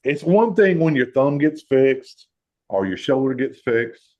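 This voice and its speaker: A man's voice: medium pitch, unhurried, dull audio. A man hosting a group talk, telling a personal story and acting out the quoted voices. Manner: animated, acts out quoted voices. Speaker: host.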